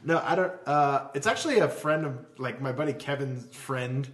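A man's voice: medium pitch, moderate pace, fairly bright tone, echoey room. A man in casual podcast chat, talking loosely with lots of fillers and trailing thoughts. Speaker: podcast co-host.

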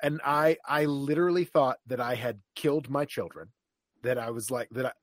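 Halting, self-deprecating man, dry close mic. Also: mid-range voice, no echo. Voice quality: hesitant, many restarts and self-deprecating asides. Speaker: podcast co-host. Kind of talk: candid casual chat.

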